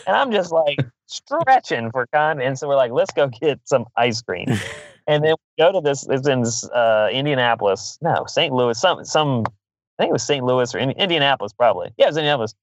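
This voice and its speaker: A man's voice: medium pitch, expressive, fast, dry recording, lo-fi sound. A man telling a long funny story in casual chat, swearing freely and laughing often. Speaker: podcast guest.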